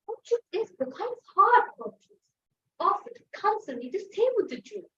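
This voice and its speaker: A teenage girl reciting a Shakespeare monologue dramatically, shifting between loud and hushed voices. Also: very high voice, very animated, normal speed. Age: teen. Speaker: student monologue performer. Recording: echoey, dull lo-fi, far from the mic.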